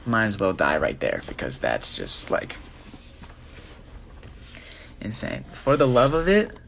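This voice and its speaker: A man's voice: fairly low pitch, huge pitch swings, slow pace, creaky, fairly bright tone, a little hiss or hum. Sleepy, laid-back young man on a livestream. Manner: laid-back and rambling, many fillers. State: sleepy, yawning. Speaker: singer answering fan questions. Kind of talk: casual livestream Q&A.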